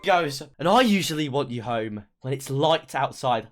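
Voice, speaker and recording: A man's voice: mid-range voice, normal speed, few pauses. A young man, telling a storytime on his stream and acting out what everyone said. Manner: animated, acts out quotes of others.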